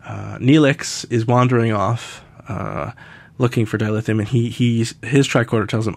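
A man's voice: medium pitch, fairly even intonation, normal speed, gravelly, darkish tone. A man hosting a casual podcast, chatty, laughing often and acting out characters' lines as he recaps an episode. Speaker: podcast host.

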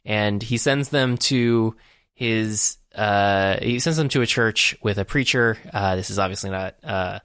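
A man casually talking about a film with a friend, recapping the plot slowly with lots of fillers. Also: fairly low pitch, fairly bright tone, clear, resonant tone, dry recording, clean studio sound. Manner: recaps plot in a halting, unhurried way with many fillers. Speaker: podcast co-host.

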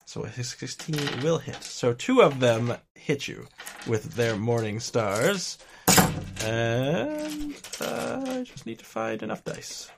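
A man's voice: medium pitch, slow pace, vocal fry, background noise. Chuckling man running a tabletop game. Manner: relaxed, chuckling, explains rules. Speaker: game master.

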